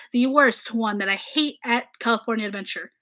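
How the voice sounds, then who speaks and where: A young adult woman chatting casually as she answers fan questions in a vlog, animated and full of fillers. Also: on the high side, moderate pace. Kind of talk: casual Q&A chat.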